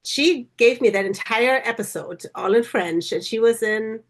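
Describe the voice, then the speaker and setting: A woman's voice: a little high, normal speed. A woman co-hosting a parenting podcast, chatting casually and telling family anecdotes with easy laughs. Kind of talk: casual conversation.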